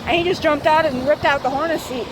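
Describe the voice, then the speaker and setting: Brief: woman in her thirties, high voice, meandering excitable storyteller, noisy outdoor recording with traffic. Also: quick pace. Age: 30s. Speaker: vlogger. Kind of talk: rambling story time.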